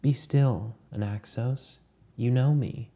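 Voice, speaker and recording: A man voicing a menacing, entrancing man over a century old, with an English accent and a low, slow, soft way of speaking. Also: gravelly. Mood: hushed, coaxing.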